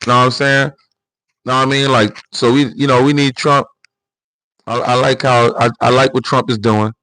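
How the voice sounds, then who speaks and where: A man's voice: medium pitch, normal speed, a bit bright, no room sound, rough recording. A man hosting a livestream, giving casual political commentary in an emphatic, repetitive way full of rhetorical questions. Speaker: livestream host.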